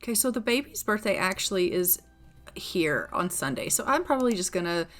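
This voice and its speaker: A woman's voice: fairly low pitch, sing-song, fairly quick, a bit bright. A woman giving casual gameplay commentary in a chatty way, narrating the story and voicing the characters as she plays. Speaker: gameplay video creator.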